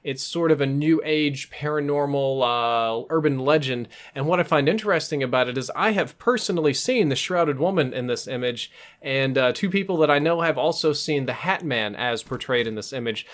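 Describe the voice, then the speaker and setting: A man vlogging, telling a story in a casual, amused and animated way. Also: medium pitch, normal speed. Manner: animated, amused, self-mocking.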